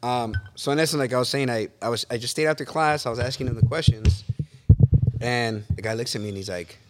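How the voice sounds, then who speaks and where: Animated, swearing man telling stories. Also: medium pitch, fast talker, background noise. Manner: animated, swears a lot, says bro and dude. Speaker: podcast guest. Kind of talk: casual storytelling interview. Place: real estate office.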